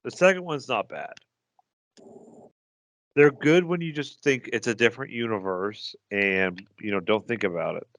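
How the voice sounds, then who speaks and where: A man's voice: lowish voice, normal speed, fairly bright tone. A man co-hosting a podcast, chatting casually and arguing as a movie fan. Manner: enthusiastic, argumentative fan talk. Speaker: podcast co-host. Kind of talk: casual chat.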